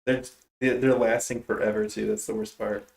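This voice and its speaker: A man's voice: on the low side, little pitch movement, vocal fry, darkish tone. Jokey male streamer in a roomy space. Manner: jokey, laughs often, quick reactions. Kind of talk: casual gameplay chat.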